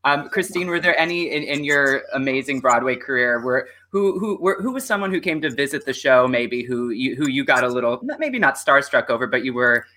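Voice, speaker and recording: Male host, casual interview, bright tone, rambling questions. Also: mid-range voice, lively intonation, brisk, hardly any pauses. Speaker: podcast host.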